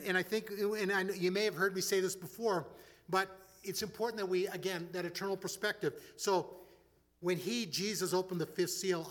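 A man's voice: a little high, fairly bright tone, long reverb tail. A man preaching a sermon as a pastor, building to fervent exhortation with frequent restarts. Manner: rising into fervent preaching, stumbles over restarts.

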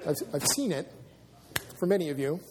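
A man's voice: on the high side, animated, moderate pace, in a large hall, noisy background. A man preaching a sermon as pastor, in a conversational way with asides to the congregation. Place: church sanctuary.

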